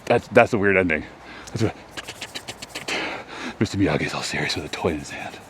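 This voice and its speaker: With a deep, fairly bright voice, lively intonation, and normal speed, a host from Texas, US, vlogs casually outdoors on a disc golf course. He rambles about his throws, chatty and self-deprecating, with slight background noise behind him.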